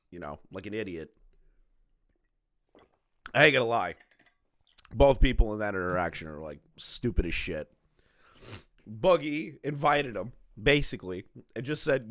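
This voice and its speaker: A man's voice: mid-range voice, expressive, moderate pace, long pauses, a bit bright, dry recording, studio quality. A man hosting a reaction commentary, ranting, swearing and laughing often, his voice strained. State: strained voice, not back to normal. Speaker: commentary host.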